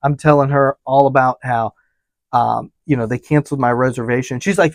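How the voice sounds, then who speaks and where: A man's voice: mid-range voice, a little fast, no room sound. A man who works as a travel advisor, animatedly retelling a trip story with quoted dialogue and frequent fillers. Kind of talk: storytelling vlog.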